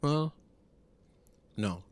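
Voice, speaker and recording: A man's voice: on the high side, animated, extremely slow, no room sound. A man co-hosting a podcast, recapping a TV episode in casual chat, rambling and full of fillers. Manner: rambling, filler-heavy, retells scenes. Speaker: podcast co-host.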